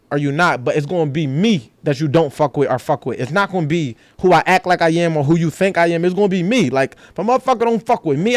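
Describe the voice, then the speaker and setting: Fast-talking high-voiced man from Philadelphia. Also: dry recording. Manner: animated, profane street talk with mimicked quotes. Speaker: podcast guest. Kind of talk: casual podcast conversation.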